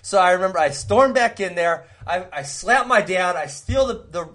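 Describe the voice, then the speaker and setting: A man from Wisconsin co-hosting a podcast, telling a long story in a rambling, animated way and laughing often. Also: sits high, normal speed, hardly any pauses. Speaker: podcast co-host. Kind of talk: casual storytelling chat.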